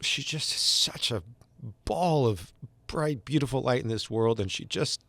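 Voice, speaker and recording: A man's voice: mid-range voice, lively intonation, a little slow, a bit bright, no echo. A man in his thirties co-hosting a podcast, talking in an earnest, emotional, gushing way. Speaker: podcast co-host. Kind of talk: casual chat.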